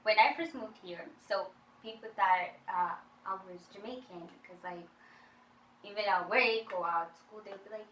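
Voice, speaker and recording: Shy young African-born woman, bright tone, distant echoey mic. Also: medium pitch, normal speed. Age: young adult. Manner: shy, soft-spoken trailing off. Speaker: interviewee. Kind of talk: documentary interview. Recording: distant, echoey, faint hiss.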